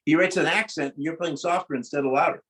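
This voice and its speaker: Over loud piano playing, a piano teacher in a masterclass coaches a student bluntly, often stopping them to explain dynamics and correct them. His voice is on the high side and fast, and the recording is low quality.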